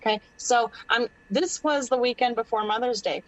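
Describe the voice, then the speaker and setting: A woman in her thirties telling a story on a podcast, animated and profane, acting out the people she quotes. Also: fairly high pitch, normal speed, low-quality recording. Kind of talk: casual storytelling chat.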